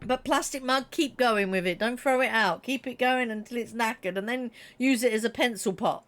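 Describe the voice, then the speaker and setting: A woman's voice: fairly high pitch, normal speed, a bit bright. Chatty woman streaming a game. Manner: chatty, giggly, reads chat aloud. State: slightly froggy throat. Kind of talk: casual live-stream chat while playing.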